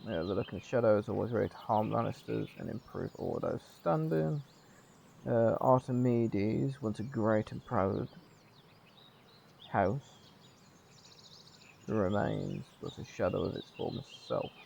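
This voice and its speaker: A male gaming streamer with a slightly croaky voice, chatting casually while reading a game's text aloud with small slips. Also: on the low side, unhurried, long pauses, a little mellow, a little hiss or hum. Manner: chatty, reads narration with small slips and restarts. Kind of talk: casual let's-play commentary, reading game text aloud. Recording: dull lo-fi mic with faint music.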